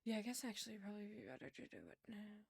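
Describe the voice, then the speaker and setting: A woman's voice: medium pitch, racing, vocal fry, breathy edge, no echo. Chatty young woman streamer. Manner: chatty storytelling, laughs often, mutters while playing. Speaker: livestreamer. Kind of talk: casual chat while gaming.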